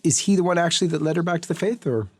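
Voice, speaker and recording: A man's voice: fairly high pitch, rapid-fire, a little mellow. A man hosting an interview, reading a channel plug and asking leading questions. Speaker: interview host.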